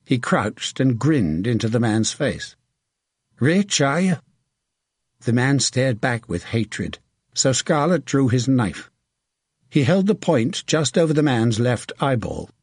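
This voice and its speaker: A man narrating a battle scene from an audiobook with steady, vivid storytelling. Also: medium pitch, husky, no room sound, clean studio sound. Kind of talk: scripted narration.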